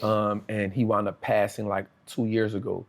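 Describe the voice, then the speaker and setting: A man's voice: lowish voice, moderate pace, gravelly. A man, a guest telling his life story in casual street slang. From New Orleans, USA. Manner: casual street slang, lively retelling with acted quotes. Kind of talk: interview storytelling.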